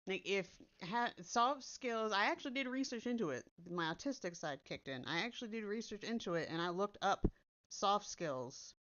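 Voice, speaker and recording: A woman's voice: medium pitch, animated, normal speed, a bit bright. Blunt, swearing woman on a dull mic. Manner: blunt, direct, swears casually. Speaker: content creator. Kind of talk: casual chat. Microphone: built-in computer mic instead of her usual microphone. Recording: dull lo-fi sound from a computer's built-in mic.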